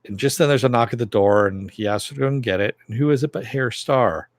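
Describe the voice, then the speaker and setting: Male reviewer, mid-pitched, casual rambling recap with lots of filler words, dry close sound. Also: quick pace, no echo. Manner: rambling, many fillers, raises pitch when quoting characters. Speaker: TV episode reviewer.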